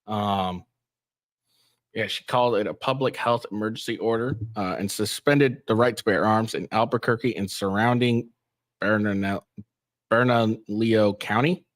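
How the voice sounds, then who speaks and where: A man's voice: lowish voice, a little slow, no room sound. Rambling man reacting to clips. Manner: rambling, hesitant, many fillers. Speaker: commentary streamer reacting to clips. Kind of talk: casual profane commentary.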